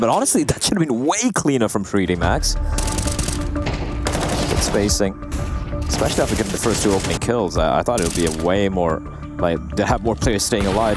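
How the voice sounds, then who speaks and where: Lively low-voiced man casting a live game. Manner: animated, jokey banter between play calls. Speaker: esports caster. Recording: broadcast with loud game sounds behind.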